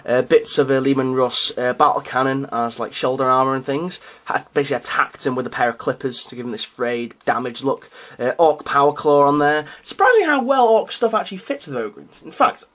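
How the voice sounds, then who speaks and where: A man's voice: mid-range voice, brisk, a bit bright. A man casually showing off his hobby miniatures, talking in a rambling, hesitant way with frequent ums and restarts, and with an amused, self-deprecating tone. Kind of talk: casual show-and-tell narration.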